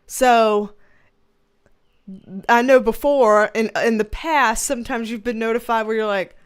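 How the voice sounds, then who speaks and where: A high-voiced woman chats slowly and easily on a livestream, greeting viewers one by one. She sounds worn out and yawns now and then, but laughs often and keeps things friendly. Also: fairly even intonation, clear, resonant tone. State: tired, yawning. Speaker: tarot reader streamer. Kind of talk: casual livestream chat.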